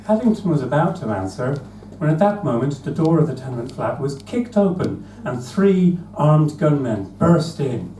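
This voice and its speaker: A man's voice: fairly high pitch, normal speed, far from the mic. A man improvising a comic story on a live stage, laughing as he goes. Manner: lively, laughing at his own jokes. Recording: roomy live stage, from afar, noisy.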